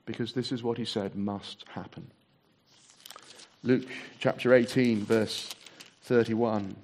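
A man's voice: on the low side, fairly even intonation, slow pace, gravelly, darkish tone, a little hiss or hum. A man preaching a sermon, asking repeated rhetorical questions and reading passages aloud. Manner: reads long passages aloud.

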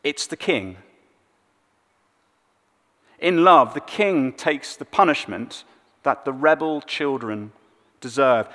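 A man preaching a sermon, swinging between loud emphatic lines and hushed low ones. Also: animated, slow, pauses often, long reverb tail. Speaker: pastor.

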